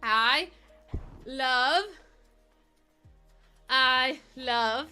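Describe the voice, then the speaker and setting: Woman streamer, bubbly and giggly, high and bright, casual chat with viewers. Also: drawn-out words, clean tone, soft background music. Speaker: live streamer.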